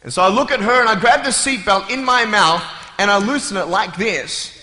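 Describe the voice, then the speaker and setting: A playful Australian man tells jokes and acts out scenes in a motivational talk to a live crowd. His voice sits high and comes across very bright and sharp. It rings through a large hall with a long, roomy reverb. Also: a little fast. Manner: playful, joking storyteller who acts out scenes. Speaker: motivational speaker. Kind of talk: humorous motivational speech. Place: large hall, on stage before an audience.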